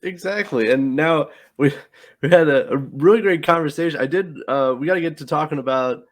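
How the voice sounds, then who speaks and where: A man's voice: a little high, brisk. A man hosting a podcast, chatting eagerly with a guest and filling his talk with "you know". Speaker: podcast host. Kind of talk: casual interview chat.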